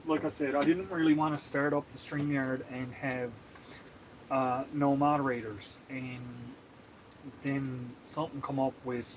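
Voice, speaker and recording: A man's voice: mid-range voice, steady tone, a little slow, highs cut off, slight background noise. A man from Canada chatting casually on a live stream while he cooks, laughing often and greeting viewers by name.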